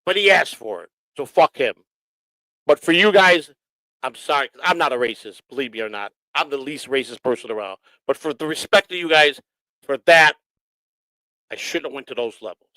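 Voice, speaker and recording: A man's voice: medium pitch, expressive, moderate pace, no echo, poor audio. A middle-aged man, hosting his own livestream and ranting at critics with heavy profanity. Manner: profane, combative, shouting at critics. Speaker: livestream host. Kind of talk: angry livestream rant.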